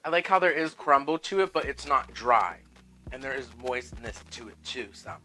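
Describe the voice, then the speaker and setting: A man's voice: mid-range voice, expressive, moderate pace, pushed and bright, poor audio. A man hosting a casual home cooking vlog, sassy and profane, calling viewers "girl" and "honey". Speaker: cooking vlogger. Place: home kitchen.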